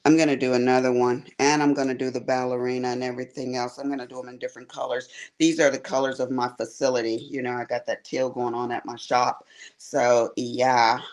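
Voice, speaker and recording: A woman chatting on a sewing and embroidery livestream from her quilting area, animated, calling viewers honey and y'all. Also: a bass voice, fairly quick. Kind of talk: casual livestream chat.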